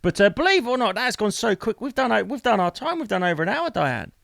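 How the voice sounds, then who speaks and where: A man hosting a podcast, chatting casually in a rambling, excitable way that keeps interrupting itself. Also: sits high, quick pace, vocal fry, dry recording, studio quality. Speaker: podcast host.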